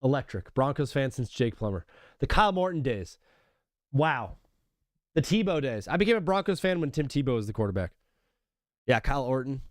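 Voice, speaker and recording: A man's voice: medium pitch, sing-song, normal speed, pauses often, dry recording, clean studio sound. A young man hosting a live sports talk stream, talking casually and animatedly, often calling people brother and dude. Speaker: sports talk show host.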